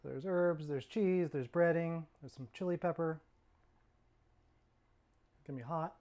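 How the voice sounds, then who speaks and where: In his laid-back cooking vlog, a middle-aged man from California rambles, teases himself, and occasionally keeps talking while he eats. His voice leans high with a darkish color, and his pace is a little slow.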